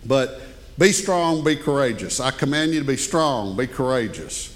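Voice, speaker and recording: An older man preaching a sermon as pastor, folksy and animated, joking with the congregation. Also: mid-range voice, moderate pace. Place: church sanctuary. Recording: long hall reverb.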